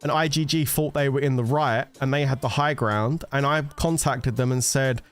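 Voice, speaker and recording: A man's voice: mid-range voice, steady tone, normal speed, clean tone, soft background music. A man in a casual gaming rant, swearing, rambling and laughing as he talks to his viewers. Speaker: gaming content creator.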